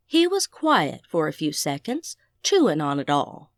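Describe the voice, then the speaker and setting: A woman's voice: sits low, huge pitch swings, measured pace, no room sound, studio quality. Woman narrating an audiobook. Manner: folksy Southern idioms. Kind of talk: first-person audiobook narration.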